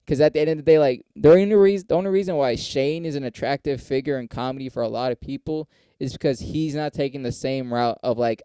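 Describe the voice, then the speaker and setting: Profane rambling young man, mellow voice. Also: fast, smooth, no echo. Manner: profane, rambling, acts out quotes in a higher voice. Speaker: podcast host and comedian. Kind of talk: casual podcast monologue.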